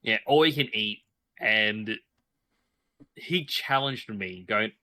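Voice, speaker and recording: Bright-voiced man telling anecdotes. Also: on the low side, slow pace. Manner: animated anecdote teller, acts out quoted voices. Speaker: stream guest. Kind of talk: casual storytelling chat.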